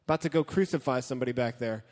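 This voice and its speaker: A man's voice: mid-range voice, rapid-fire, darkish tone. A man giving a casual, joking sermon as a youth pastor, talking straight to his audience. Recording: hall with long reverb.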